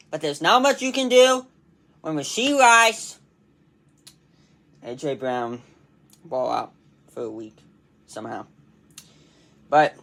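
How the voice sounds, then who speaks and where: A young woman managing a fantasy league team, talking casually in an exasperated, self-critical, slangy way. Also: sits low. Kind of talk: casual recap monologue.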